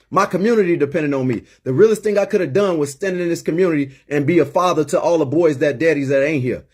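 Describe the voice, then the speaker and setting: A man's voice: fairly high pitch, husky. A middle-aged man hosting a call-in show, talking emphatically and repeating words as he gets worked up. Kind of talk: impassioned monologue.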